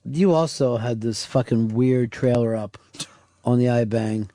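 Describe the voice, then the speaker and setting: A man's voice: mid-range voice, a little slow, dark tone, dry recording. A man hosting a talk radio show, joking crudely with his co-host and taking calls. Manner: crude, joking, takes callers. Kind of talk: casual talk radio banter. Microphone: studio microphone.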